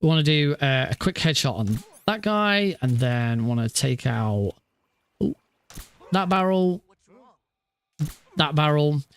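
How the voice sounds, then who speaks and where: A man's voice: medium pitch, sing-song, a little slow, a bit bright. A man casually commenting on his own speedrun practice, rambling and self-deprecating with lots of fillers and restarts. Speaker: speedrunner streamer.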